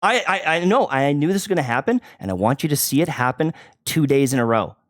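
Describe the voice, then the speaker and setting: A man's voice: on the high side, expressive, fairly quick. A man hosting a stream, arguing over a call in an agitated, confrontational way, stumbling into restarts. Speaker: streamer and host. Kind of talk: heated online argument.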